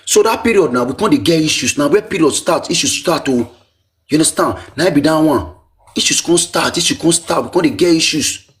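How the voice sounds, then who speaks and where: Animated Nigerian Pidgin man telling his story. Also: fairly quick. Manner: animated, pitch swinging high and low, repetitive. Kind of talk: emotional personal storytelling.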